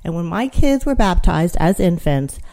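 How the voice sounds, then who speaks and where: A woman's voice: fairly low pitch, very animated, moderate pace, warm tone. A woman hosting a comedic talk radio show, chatty, gossipy and incredulous, with lots of "you know" fillers.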